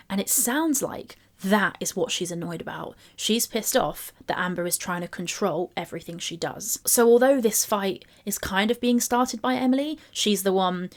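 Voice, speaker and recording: A woman gives commentary on text message screenshots. She reads each message aloud at an ordinary mid pitch, then breaks it down piece by piece. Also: moderate pace, few pauses. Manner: reads screenshots aloud and picks them apart. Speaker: commentary YouTuber.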